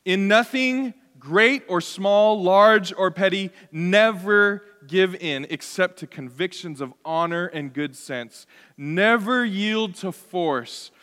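A man putting on a British accent to play a grumpy old bulldog of a war leader, growling defiantly and slowly. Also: high voice, a bit bright, clean tone, big-room sound, voice pushed up.

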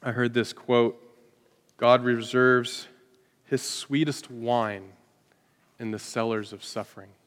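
A man preaching a sermon to his congregation, swinging from loud rhetorical questions to hushed, quiet lines. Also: medium pitch, level tone, slow pace, long pauses. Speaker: pastor. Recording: hall reverb.

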